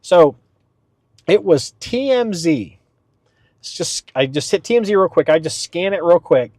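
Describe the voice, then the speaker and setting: A man's voice: on the high side, lively intonation, unhurried, darkish tone, no echo. Rambling male podcast host, dry sound. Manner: rambling, with many fillers and restarts; talks slightly up for the podcast. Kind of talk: casual solo podcast talk.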